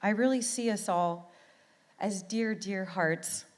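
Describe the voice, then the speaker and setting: A woman's voice: mid-range voice, slow pace, in a large hall. A middle-aged woman from Canada giving an earnest, heartfelt motivational talk as a conference speaker, often repeating words for emphasis.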